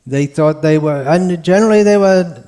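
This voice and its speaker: A man giving a scriptural lecture in an unhurried, rambling way, with frequent restarts and fillers. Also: a little high, mellow. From India. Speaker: monk lecturer.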